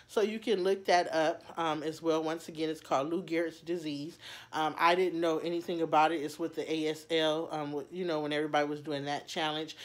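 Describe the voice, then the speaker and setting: A woman vlogger talking personally to her viewers in an earnest, heartfelt way, halting often with fillers and restarts. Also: low voice. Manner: heartfelt, speaks straight to viewers. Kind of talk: personal talk to camera.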